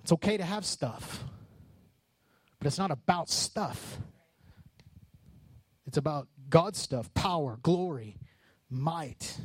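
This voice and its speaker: A high-pitched man preaching with fiery passion, his voice climbing into shouts at the peaks. The sound is close and dry, with no room echo. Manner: passionate, rising to shouts on key lines. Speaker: pastor. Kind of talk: sermon.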